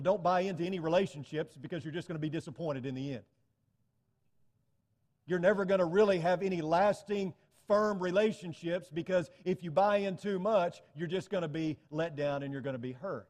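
A man's voice: sits high, animated, moderate pace, a little mellow, big-room sound. A man preaching a sermon to his congregation, earnest and telling stories to illustrate his points. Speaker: pastor.

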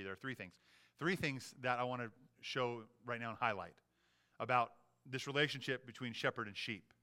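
Male pastor, earnest preacher, bright crisp voice, moves between emphatic and hushed. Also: mid-range voice. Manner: earnest preaching, rising to emphatic peaks, dropping to hushed quiet. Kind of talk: sermon.

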